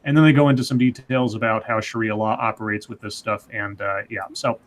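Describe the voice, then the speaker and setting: A man's voice: on the low side, fairly even intonation, a little fast. A man co-hosting a livestream, reading news articles and adding dry, sarcastic asides. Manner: dry, sarcastic asides between read passages. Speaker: news segment co-host.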